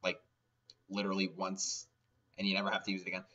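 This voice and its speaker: A man's voice: low voice, completely flat delivery, quick pace, pushed and bright. A man giving a rambling, sarcastic comedic game recap, swearing often, recorded on a dull, lo-fi mic. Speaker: game ranter.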